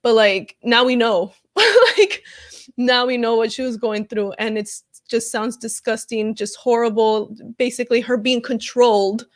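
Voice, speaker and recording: A woman's voice: on the high side, fairly even intonation, unhurried. A woman reacting on camera in a casual vlog, talking in an upset, heated way with lots of fillers, and reading viewer comments aloud. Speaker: comedian reacting to news.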